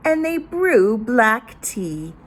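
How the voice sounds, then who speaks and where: A woman teacher reading a picture book aloud to children, expressive and inviting them to join in. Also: fairly high pitch, drawn-out words, soft background music.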